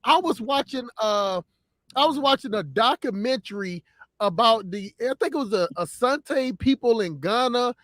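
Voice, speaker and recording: A man's voice: very high voice, animated, moderate pace, fairly bright tone, no room sound, clean studio sound. A man co-hosting a casual talk show, speaking emphatically and opinionatedly and often laughing. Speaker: podcast co-host. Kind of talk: casual conversation.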